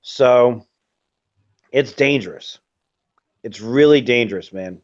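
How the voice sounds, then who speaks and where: A man's voice: medium pitch, slow, lo-fi sound. A man ranting in casual commentary as host of his own show, profane and rambling with lots of fillers. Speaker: host of a webcast.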